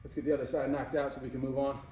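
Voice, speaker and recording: Mellow-voiced man coaching a workout, echoey. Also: mid-range voice, flat delivery, rapid-fire. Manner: casual coaching, counting reps between exercise cues. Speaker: fitness coach. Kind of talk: workout instruction. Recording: very echoey room, mic far off, faint noise.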